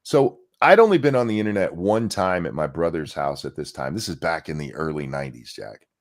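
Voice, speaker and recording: A man's voice: low voice, lively intonation, fairly quick. A middle-aged man co-hosting a casual podcast chat, ranting with strong opinions. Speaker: co-host.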